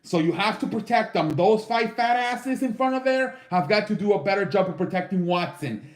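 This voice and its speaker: A man's voice: high-pitched, animated, normal speed, roomy sound. A man casually ranking football teams on his own show, loose and profane, with lots of fillers. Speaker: sports show host. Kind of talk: casual sports commentary.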